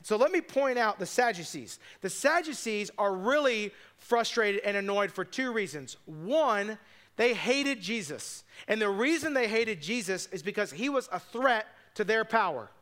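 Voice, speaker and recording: This pastor's sermon comes in an animated, bright, high male voice. He narrates with quick asides and plays the parts of the story's characters.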